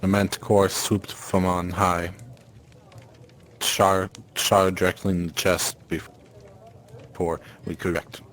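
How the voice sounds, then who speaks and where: Deep-voiced man playing his character. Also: little pitch movement, takes it slowly, pauses often, a bit bright, a little hiss or hum. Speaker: player. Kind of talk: in-character tabletop role-play.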